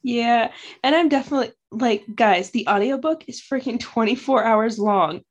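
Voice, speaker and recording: A woman co-hosts a relaxed book review podcast, her voice sitting somewhat high. She talks in a playful, teasing way, with laughter coming often. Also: moderate pace, dull audio. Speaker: podcast co-host. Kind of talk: casual chat book review.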